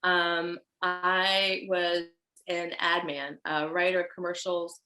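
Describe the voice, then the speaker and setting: Chatty Haitian-accented woman, low voice. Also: slow. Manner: animated, chatty storyteller. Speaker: fashion designer guest. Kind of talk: casual chat. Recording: roomy echo.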